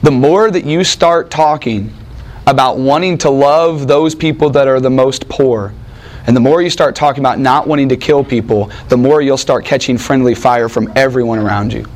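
A man preaching a sermon in an animated, conversational way, with joking asides to the congregation. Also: mid-range voice, normal speed. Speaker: pastor.

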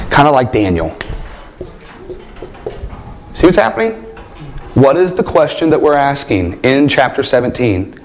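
A man teaching a Bible class, asking rhetorical questions and stressing points emphatically. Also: mid-range voice. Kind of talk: classroom lecture.

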